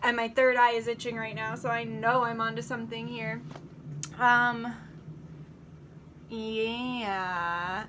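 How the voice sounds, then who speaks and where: A woman's voice: on the high side, completely flat delivery, normal speed, background noise. A young woman doing a casual tarot reading to camera, chatty, swearing freely and acting out little quoted asides. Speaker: tarot reader.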